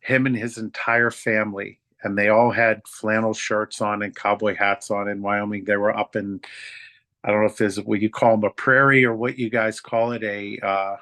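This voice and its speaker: A man hosting a team call, telling a moving story in a halting way with many fillers and restarts. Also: lowish voice, little pitch movement, bright, forceful tone, dry recording. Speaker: team leader hosting a family night call. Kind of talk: emotional storytelling to his team.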